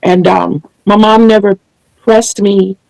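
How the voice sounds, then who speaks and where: A woman hosting a relaxed online interview, her voice carrying a gravelly fry. She talks earnestly and at length, restarting now and then. The sound is dry and close, with no room echo. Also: medium pitch, slow. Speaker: channel host interviewing a guest. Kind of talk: casual video interview chat.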